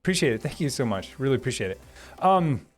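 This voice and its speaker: A man's voice: medium pitch, big pitch swings, fast, soft background music. A man hosting a live stream from his home setup, chatting casually, reading viewer comments and thanking them with frequent laughs.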